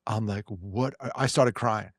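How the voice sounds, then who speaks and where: A man with a New York accent, co-hosting a podcast and telling stories in casual, animated chat full of quick restarts. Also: mid-range voice, creaky, no echo, clean studio sound. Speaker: podcast co-host.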